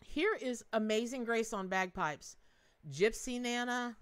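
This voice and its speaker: A woman's voice: on the high side, a little slow, clean tone. A middle-aged woman hosting a live tarot reading, talking in a bubbly, chatty way with frequent laughs and folksy asides.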